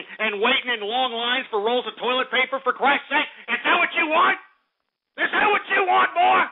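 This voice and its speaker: A man's voice: very high voice, slightly rough. A man playing an angry, swearing host of a comedic call-in radio show who insults every caller. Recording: tinny phone-like audio.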